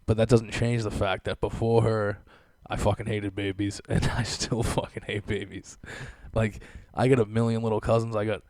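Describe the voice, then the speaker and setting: A man's voice: fairly low pitch, flat delivery, moderate pace, hardly any pauses, a little mellow, no room sound. Profane laughing man ranting. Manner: profane, laughing, sarcastic rant. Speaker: podcast host. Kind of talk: casual podcast monologue.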